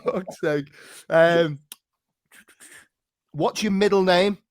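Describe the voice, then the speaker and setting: A man's voice: sits high, drawn-out words, no echo, clean studio sound. An English man hosting a podcast in casual, teasing, sweary banter, laughing often. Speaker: podcast host. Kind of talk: casual chat.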